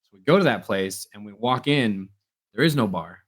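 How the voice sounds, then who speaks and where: A man's voice: on the low side, expressive, moderate pace. A young man, co-host of a podcast, telling rambling stories in casual chat and acting out what people said. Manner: rambling storyteller, acts out quotes, many fillers.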